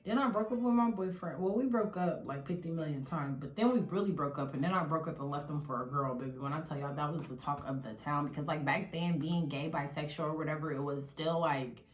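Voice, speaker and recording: A woman in her twenties, a vlogger telling a personal story in a chatty, animated way, swearing freely and talking straight to her viewers. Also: sits low, brisk, few pauses. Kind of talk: casual storytelling to the camera. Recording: echoey room.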